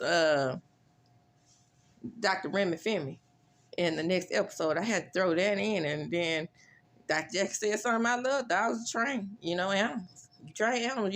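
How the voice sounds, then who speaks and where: A woman hosting a casual reality TV recap, blunt and sassy, with animated reactions. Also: medium pitch.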